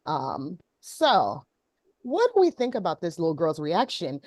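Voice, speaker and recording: A woman's voice: sits low, wildly swooping pitch, a little slow, no room sound, clean studio sound. A woman hosting a casual talk show, retelling a viral video with many ums. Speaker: host. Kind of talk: casual chat.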